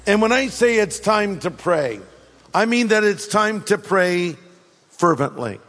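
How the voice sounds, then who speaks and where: A man, a pastor, preaching a sermon in an animated way and acting out the voices he quotes. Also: sits high, slow pace, in a large hall.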